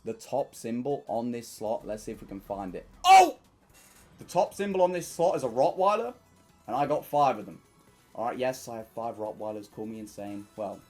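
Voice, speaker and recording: A young man casually commenting while playing online slots, bursting into excited shouts at wins. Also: medium pitch.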